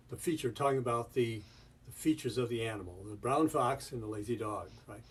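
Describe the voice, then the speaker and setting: Husky man demonstrating pronunciation, off-mic. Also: medium pitch, fairly quick, far from the mic. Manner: demonstrating with rhythmic chanted example sentences. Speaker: pronunciation teacher trainer. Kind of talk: webinar demonstration.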